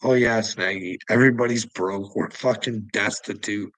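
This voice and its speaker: A Canadian livestream host with a Canadian accent rants casually and crudely at his chat, swearing often and laughing between remarks. His voice is on the low side with a steady tone, moderate pace, and a bit of brightness, in a dry, rough recording.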